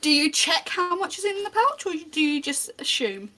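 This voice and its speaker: A woman's voice: high voice, very animated, moderate pace, bright, forceful tone. A woman narrating as game master of a tabletop game, in a chatty, descriptive way with small restarts.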